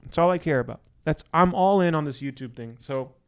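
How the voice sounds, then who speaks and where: A young man co-hosting a podcast in casual, joking chat, full of quick restarts. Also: a little high, clean tone. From Washington D.C. area. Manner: hyped, joking, talks fast with restarts. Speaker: podcast co-host.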